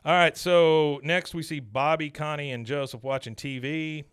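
A man's voice: on the high side, fairly even intonation, normal speed, a bit bright, clean tone, no echo, studio quality. A man hosting a podcast, casually retelling a cartoon episode and briefly mimicking the characters' lines. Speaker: podcast host.

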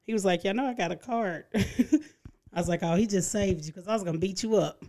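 A woman's voice: mid-range voice, brisk, dark tone. A woman guest on a podcast, telling family stories in a casual chat and laughing as she talks.

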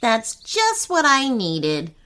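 A lazy green iguana from a children's storybook drawls in a slow, unbothered voice, as a woman puts it on. Each word takes its time, and the voice rises and dips lazily between phrases. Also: a little high, wildly swooping pitch, bright, forceful tone, clear, resonant tone, voice pushed up, exaggerated voice.

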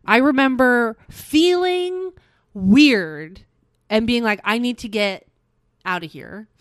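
A young woman telling a story in casual chat, animated and swearing, acting out what people said. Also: a little high, clean tone, no room sound.

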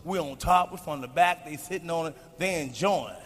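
A man in his forties doing a profane, boastful stand-up routine on stage, shouting his punchlines. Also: a little high, moderate pace. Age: 40s. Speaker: stand-up comedian. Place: comedy stage before a live audience. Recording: live hall recording with faint noise.

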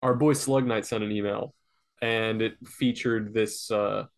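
A young man co-hosting a podcast, chatting in an easygoing, halting way. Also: fairly low pitch, fairly even intonation. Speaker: podcast co-host. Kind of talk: casual podcast chat.

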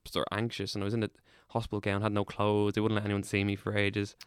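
A man's voice: fairly low pitch, monotone, quick pace, smooth, no echo, clean studio sound. A young man with an Irish accent telling a long hospital story in casual chat, rambling, swearing freely, and laughing through it.

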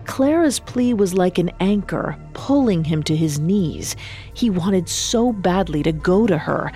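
Woman storyteller, lower voice, measured dramatic storybook narration. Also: a little mellow.

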